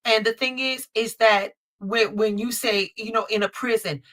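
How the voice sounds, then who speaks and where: A woman's voice: on the high side, steady tone, normal speed, fairly bright tone. A woman hosting a live tarot stream, talking bluntly and emphatically, with frequent swearing and repeated phrases. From Chicago. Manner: blunt, profane, emphatic storytelling. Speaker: host, tarot reader. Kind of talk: casual live-stream chat.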